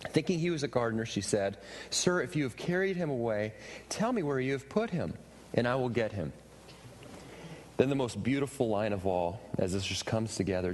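Expressive male preacher in a reverberant hall. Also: mid-range voice. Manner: expressive preaching with rising emphatic questions. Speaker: pastor. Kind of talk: sermon. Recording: reverberant hall with faint ambient noise.

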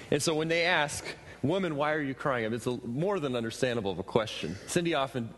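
A pastor with a mid-range voice preaches expressively, driving his sermon with rising, emphatic questions. The recording comes from a reverberant hall with faint ambient noise.

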